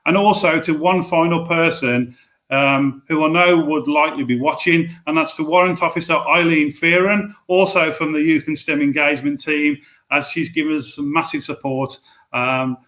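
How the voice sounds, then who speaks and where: A man's voice: on the high side, fairly bright tone. A man with a Black Country accent, hosting a live stream and making friendly announcements and thank-yous on a video call. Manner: friendly, thanks people at length. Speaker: host.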